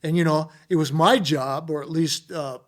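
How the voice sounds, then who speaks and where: A man, a former ballplayer, telling stories as a podcast guest in an animated, rambling way full of "you know"s. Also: fairly high pitch, normal speed. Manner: animated, filler-heavy storytelling with many "you know"s. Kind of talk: casual storytelling interview.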